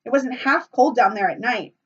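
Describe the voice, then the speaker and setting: Brief: a woman playing an anxious, bespectacled schoolboy, whiny and pleading, high and loud, muffled and distant on the recording. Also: moderate pace. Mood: indignant.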